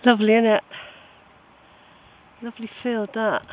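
A man's voice: high-pitched, flat delivery, a little slow, low-quality recording. Chatty man hiking outdoors. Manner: chatty, rambling, talks to viewers as folks. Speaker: hiker filming his walk. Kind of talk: casual walking vlog. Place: outdoors on a hillside path.

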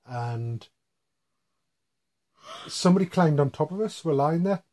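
A man talks to his camera from his bed at home. He tells stories in a loose, rambling way, and his voice sits at an ordinary middle pitch. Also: normal speed, long pauses. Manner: relaxed, rambling storytelling. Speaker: vlog host. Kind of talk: casual family Q&A chat. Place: home bedroom.

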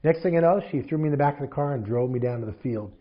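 A man in his fifties from Marin County, California, telling stories as an interview guest in a lively, animated way. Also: medium pitch, very fast, highs cut off. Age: 50s. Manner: animated storyteller acting out quotes. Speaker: guest, mental toughness trainer. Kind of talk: casual interview storytelling.

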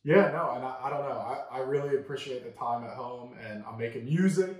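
A man's voice: medium pitch, brisk, far from the mic. A laid-back young man with a mid-range voice jokes and chats casually, often stopping and restarting his sentences. He sits back from the camera mic in an echoey home kitchen. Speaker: cooking vlog co-host. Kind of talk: casual chat.

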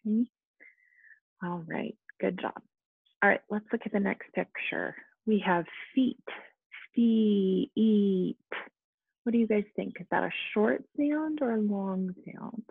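A woman teaching young children at home over video, speaking slowly and patiently and checking in with them often. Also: medium pitch, gravelly, slightly rough, no room sound. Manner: slow, patient, coaxing, frequent "okay?". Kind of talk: remote lesson to young children. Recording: dry, phone-like lo-fi sound.

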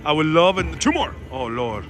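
A man in a casino, calling out his slot spins to viewers with excited shouts and groans. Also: a little high, moderate pace, over music. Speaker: slot machine vlogger. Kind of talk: excited live slot commentary. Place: casino floor.

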